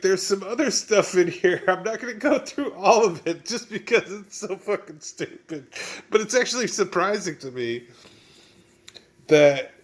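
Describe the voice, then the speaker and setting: A man picks through a comic book with open scorn. He talks slowly and keeps stalling on repeated words before he finishes a sentence. His voice sits a little high for a man, and he swears freely. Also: fairly bright tone. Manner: sneering, swears a lot, stammering restarts. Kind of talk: mocking comic book review.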